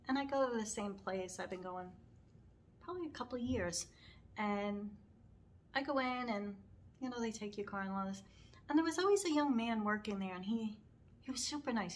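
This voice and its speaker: Speaking with a medium-pitched voice over slight background noise, a middle-aged woman who vlogs about cross-stitch tells a personal story. She meanders, heartfelt, restarting often and filling pauses, her voice trembling close to crying.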